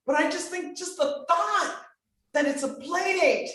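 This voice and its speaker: A woman voice coach in conversation on a podcast, emphatic and animated, swinging between bright exclamations and soft earnest asides. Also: very high voice, a little slow. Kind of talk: enthusiastic conversational podcast talk. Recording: very echoey room.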